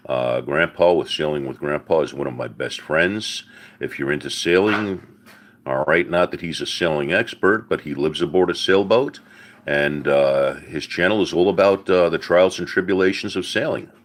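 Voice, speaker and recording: A middle-aged man hosting a live car-advice stream, explaining mechanics in a folksy way, full of "all right" and "uh" and calling viewers folks and buddy. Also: extremely low pitch. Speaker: host answering viewers' car questions.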